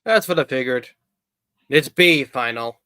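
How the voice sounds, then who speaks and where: A man takes part as a contestant in a casual quiz on a stream, teasing the host as he guesses. His voice is bright and sharp, and it sits in the middle of the male range. The sound is dry and close. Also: medium pitch, expressive, unhurried, clear, resonant tone, no room sound. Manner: joking, teasing.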